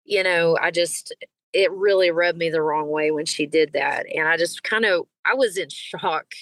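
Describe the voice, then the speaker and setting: A woman, a singer and podcast guest, telling stories in a casual, animated way and acting out the people she quotes. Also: low voice, dry recording, poor audio. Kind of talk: casual storytelling in an interview.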